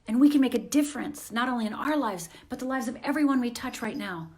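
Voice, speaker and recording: A woman's voice: a little high, expressive, fast talker, darkish tone. A woman hosting a motivational live stream from home on her phone. She talks in an earnest, encouraging way and often repeats phrases.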